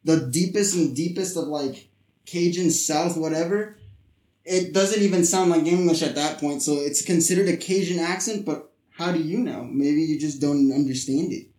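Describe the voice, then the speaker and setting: A man's voice: fairly high pitch, moderate pace, dark tone, roomy sound, distant mic, rough recording. A young man rambles through casual podcast talk, leaning on filler words. He sits away from the mic, and the garage gives his voice a hollow ring. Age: young adult. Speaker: podcast co-host.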